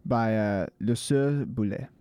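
A man co-hosting a college radio music show, chatting in a relaxed way and stumbling over French song titles. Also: mid-range voice, slow pace, clean tone, dry recording. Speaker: co-host radio DJ. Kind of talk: casual on-air chat. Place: radio studio.

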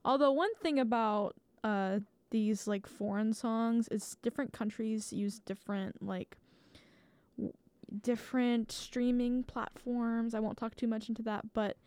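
A woman's voice: a little high, steady tone, a little slow, darkish tone, clear, resonant tone, dry recording. An American woman hosting a music show, chatting casually and rambling with lots of fillers and restarts. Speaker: radio show host.

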